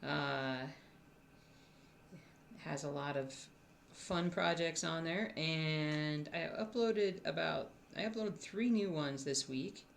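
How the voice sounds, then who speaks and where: Low-pitched, slow and creaky, this cross-stitch designer's voice carries slight background noise as she live-streams from home. She chats with her viewers in a loose, rambling way, often starting her thoughts over.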